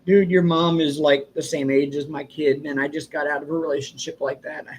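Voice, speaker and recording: A man's voice: a little high, normal speed, slight background noise. An older man hosting a casual live stream, telling a long rambling story and chuckling often. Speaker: livestream host.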